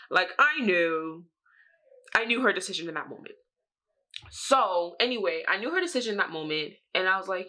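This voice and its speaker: Bright-voiced young woman telling a story. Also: mid-range voice, normal speed, pauses often. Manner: animated, swearing, acting out her own quotes. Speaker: beauty vlogger. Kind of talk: get-ready-with-me story time.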